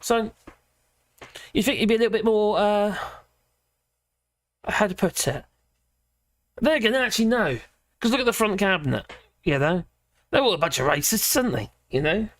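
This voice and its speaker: Man, livestream host, high bouncy voice, chatty and opinionated, dry close sound. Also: lively intonation, normal speed, pauses often, no room sound. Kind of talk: casual livestream chat reading viewer comments.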